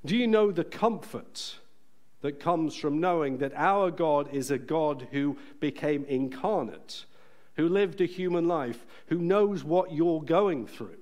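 A man preaching a sermon in a church, earnest and emphatic, slowing down to stress key phrases. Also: on the high side, a little mellow.

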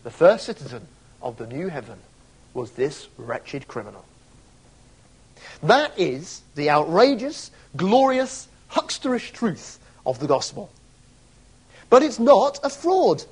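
A man's voice: on the high side, very animated, measured pace, husky. A man preaching a sermon, emphatic, asking rhetorical questions and stretching key words for weight.

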